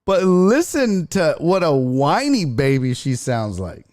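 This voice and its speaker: A man's voice: a little high, slow. A man hosting a casual sports talk stream, swearing freely and reading viewer chat aloud. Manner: profane, animated, reads chat aloud. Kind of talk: casual livestream commentary.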